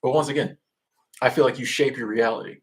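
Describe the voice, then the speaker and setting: A man's voice: mid-range voice, steady tone, brisk. A man from Florida, hosting a casual livestream and answering chat in a loose, rambling way full of restarts.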